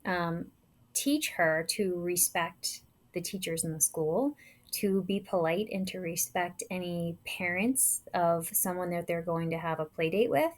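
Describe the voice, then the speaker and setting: A woman's voice: fairly low pitch, unhurried. A woman guest on a podcast, speaking earnestly and with conviction in conversation.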